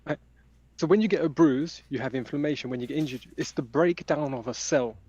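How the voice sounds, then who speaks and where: A man's voice: fairly high pitch, a little fast, dark tone, slightly rough. A man, a podcast guest, explaining health matters at length in casual chat. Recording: dry, dull lo-fi sound.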